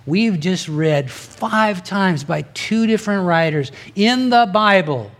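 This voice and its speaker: Earnest male preacher, higher-pitched voice. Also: expressive, slow pace. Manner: earnest, rises in pitch and force for emphasis; conversational with asides and restarts. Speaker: pastor. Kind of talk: sermon.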